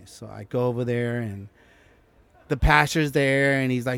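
A man speaking in an interview at an average pitch, recounting events in a loose, animated way. He slips into the voices of the people he quotes and often restarts his sentences. The delivery sounds like a relaxed chat. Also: a little slow, vocal fry, smooth, no room sound. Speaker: guest. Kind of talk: casual interview storytelling.

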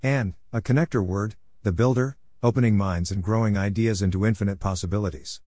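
A man voicing a wise, cryptic old grandfather spirit who speaks in a calm, teaching tone. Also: on the low side, a little fast, no echo, studio quality, close to an everyday voice. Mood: patient, teaching.

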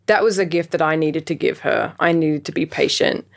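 A woman's voice: deep voice, fairly even intonation, brisk. A woman musician answering interview questions, thoughtful and reflective with wry laughs. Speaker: musician guest.

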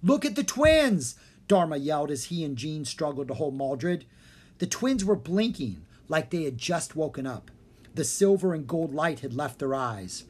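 A narrator reading a children's fantasy book aloud with steady storytelling. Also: medium pitch, normal speed, husky. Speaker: audiobook narrator.

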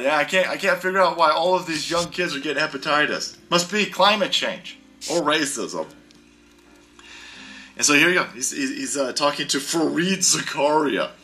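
A man's voice: a little high, lively intonation, moderate pace, pushed and bright, soft background music. A man hosting a podcast, delivering a heated, sarcastic and profane rant. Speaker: podcast host. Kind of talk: ranting podcast commentary.

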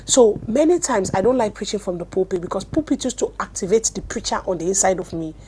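A Nigerian woman teaching a sermon, animated storytelling that swings from loud bursts to hushed words, speaking into a mic at a desk. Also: mid-range voice, fast, a little hiss or hum. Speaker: apostle and teacher.

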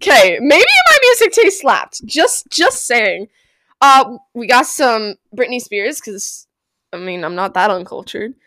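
A woman's voice: on the high side, very animated, unhurried, no room sound. Chatty young woman, dry close sound. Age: young adult. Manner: chatty, swearing, loud outbursts and laughs. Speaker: podcast host. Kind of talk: casual solo podcast chat. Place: bedroom.

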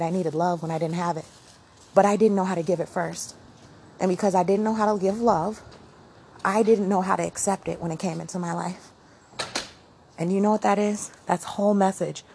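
A woman hosting her own podcast in a rambling, preachy motivational monologue that swings between loud and hushed. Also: mid-range voice, slight background noise. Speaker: podcast host.

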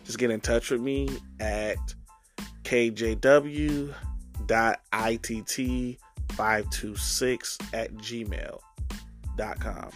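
A man's voice: medium pitch, steady tone, extremely slow, soft background music. A man hosting a sports podcast, chatting casually with guests and then wrapping up the episode alone. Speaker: podcast host.

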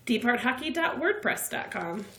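A woman co-hosting a podcast, telling a story in casual chat and laughing loudly through it. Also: on the high side, very animated, moderate pace, reverberant. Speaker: podcast co-host.

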